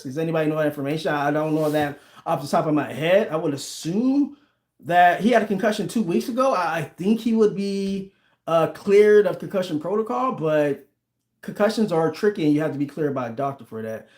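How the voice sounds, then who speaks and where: Chatty forty-something man, high voice. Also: brisk. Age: 40s. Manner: chatty, laughs often, banters with chat. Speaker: livestream host. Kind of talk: casual livestream chat, reading viewer comments. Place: home room with a team flag behind. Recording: echoey room.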